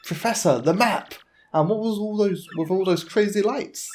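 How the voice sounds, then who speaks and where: A man's voice: high voice, normal speed, darkish tone, slight background noise, pitched above the performer's own voice, lightly acted. Chirpy young female sidekick, played by a man reading game lines; eager and curious.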